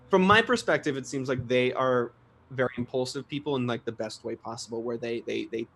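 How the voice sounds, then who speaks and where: A young man, a guest singer, talking casually in an interview, chatty and self-deprecating, laughing often and restarting sentences. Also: medium pitch.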